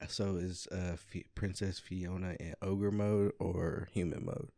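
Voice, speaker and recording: A young man who is high, co-hosting a podcast and teasing his friends with plenty of laughing. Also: little pitch movement, a little slow, warm tone. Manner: laughs a lot, playful teasing. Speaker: podcast co-host. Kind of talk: casual chat among friends.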